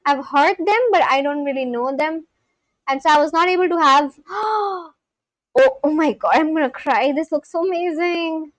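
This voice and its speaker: High-voiced gushing young woman streamer. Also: normal speed, dry recording, rough recording. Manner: gushing, exclaiming often. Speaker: livestreamer. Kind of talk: casual livestream chat.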